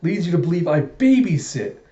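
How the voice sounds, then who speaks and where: A man's voice: on the high side, big pitch swings, brisk, mellow, roomy sound, lo-fi sound, voice pushed up. A man voicing a scruffy, wry male informant with a blustery manner.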